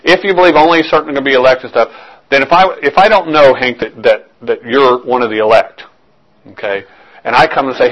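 A man's voice: a little high, expressive, brisk, a bit bright, low-quality recording. A man preaching with a slightly raised voice, earnest and searching. He asks his listeners direct questions, doubles back on his own words and pushes each point home. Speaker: pastor. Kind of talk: sermon.

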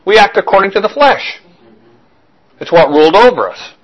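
A man's voice: fairly high pitch, expressive, fairly quick, a bit bright, dull audio. A man with a slightly raised voice teaches a verse-by-verse sermon. His delivery is conversational, full of repeated phrases and frequent check-ins with the congregation. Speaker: pastor.

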